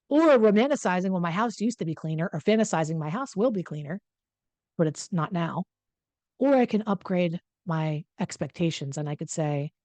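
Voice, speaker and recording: Middle-aged woman coach, chatty and self-deprecating, slightly low voice, dead-dry close mic. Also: darkish tone, no room sound. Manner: candid, self-mocking, chatty. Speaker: relationship coach. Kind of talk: casual direct-to-camera talk.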